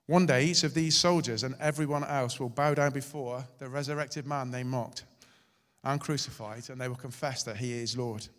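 Male pastor, sermon, dramatic swings from forceful to hushed, long hall reverb. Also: mid-range voice, fairly even intonation, moderate pace. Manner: dramatic, shifting loud and soft.

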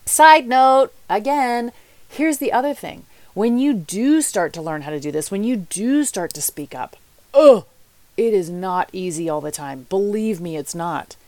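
A woman's voice: medium pitch, warm tone, dry recording. A woman life coach giving motivational podcast talk, chatty and candid, speaking straight to her listeners.

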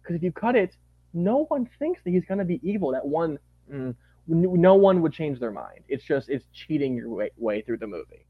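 Animated man gushing in casual chat. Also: fairly high pitch, moderate pace, breathy edge, no room sound, phone-quality sound. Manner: animated, gushing, acts out quotes. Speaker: podcast guest.

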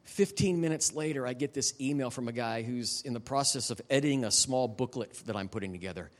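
Man preaching in a candid, conversational way. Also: medium pitch. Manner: personal storytelling, emotional and candid, quick asides to the audience. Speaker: guest preacher. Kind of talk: conversational sermon ending in prayer. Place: church service.

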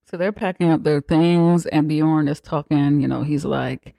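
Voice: medium pitch, little pitch movement, normal speed, gravelly, hardly any pauses, mellow, no echo. A podcast host giving a casual, slangy, profane movie recap with joking asides.

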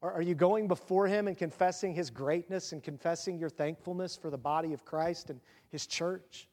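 A man's voice: on the high side, moderate pace, darkish tone, big-room sound. A middle-aged man preaching an earnest, confessional sermon as pastor.

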